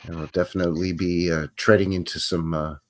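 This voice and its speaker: Easygoing Canadian man, low voice. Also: level tone, fairly quick. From Western Canada. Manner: joking, easygoing banter. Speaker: podcast co-host. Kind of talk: casual chat.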